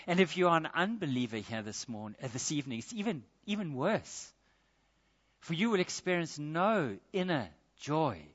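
Male preacher, emphatic sermon, rhetorical questions, bright forceful voice, long church-hall reverb, muffled recording. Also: medium pitch.

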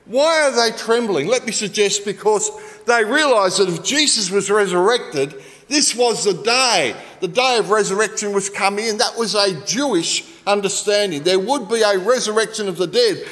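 A middle-aged Australian man preaching a sermon and telling a story, swinging between loud emphasis and quiet asides. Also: high-pitched, moderate pace, big-room sound.

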